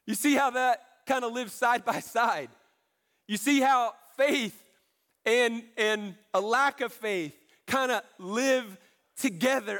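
A man's voice: high voice, normal speed, fairly bright tone. A man preaching a sermon in an earnest, pleading way, repeating key phrases to drive them home. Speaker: pastor.

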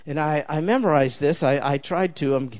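A man's voice: a little high, moderate pace, darkish tone. An older man preaching a sermon, emphatic and conversational, often turning to the listeners with direct questions.

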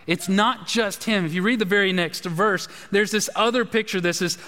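A man preaching a sermon as a pastor, chatty and animated, asking the congregation questions. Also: high-pitched, moderate pace. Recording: long hall reverb.

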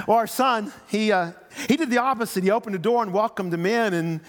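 A man's voice: sits high, fairly quick, few pauses. A middle-aged man, a pastor, preaching a sermon in a conversational way, often repeating his words. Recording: long hall reverb.

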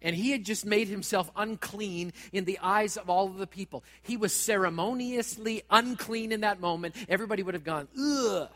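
A pastor preaching a sermon in a church, talking straight at the congregation in a dramatic way. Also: male voice, high voice, a little fast, hardly any pauses, pushed and bright, big-room sound. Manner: dramatic, direct, acts out quoted voices.

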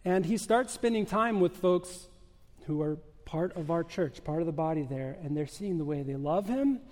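A male pastor preaching a sermon with emphatic, measured delivery, rhetorical questions and dramatic pauses. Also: a little high, animated, darkish tone, long reverb tail.

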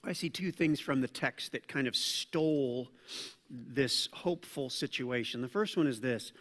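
A male pastor preaching a sermon in a large church, an animated storyteller who acts out the scenes he describes. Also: medium pitch, measured pace, long reverb tail.

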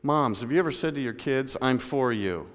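A man preaching a sermon in a church, moving between loud emphatic lines and low hushed ones and speaking to people in the room by name. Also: lively intonation, moderate pace. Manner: addresses congregation members by name. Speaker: pastor. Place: church sanctuary. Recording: long hall reverb.

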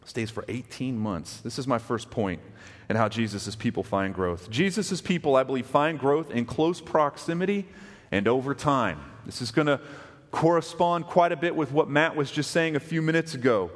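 Man, pastor, conversational sermon, mid pitch, long hall echo. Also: lively intonation, moderate pace. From West Texas. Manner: conversational, asks the congregation questions.

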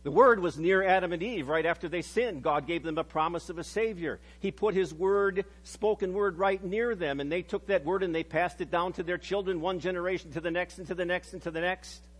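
A middle-aged male pastor preaching a sermon in an earnest way, slowing down on key phrases and dropping low and soft for solemn lines.

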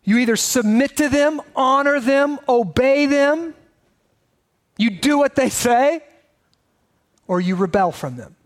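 A man's voice: very high voice, lively intonation, slow, pauses often. A pastor preaching a sermon in a conversational way, asking his listeners many rhetorical questions.

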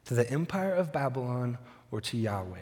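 A man's voice: medium pitch, very animated, fairly quick, a little mellow. A man preaching a sermon, retelling a Bible story and acting out the quotes with dry humor. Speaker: pastor. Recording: long reverb of a large hall.

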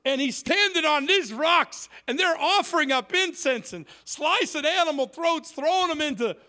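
A man preaching in a church, with an unusually high, bright voice. His pitch swings all over as he tells stories and slips into the voices of the people in them. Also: moderate pace. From Cleveland inner city. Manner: lively storytelling, acts out quoted voices. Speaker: guest preacher. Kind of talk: sermon.

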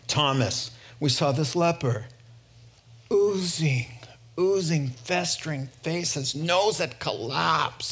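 A male pastor preaching a sermon, a lively storyteller who often chuckles and swings between quick asides and slow, weighty phrases. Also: high voice.

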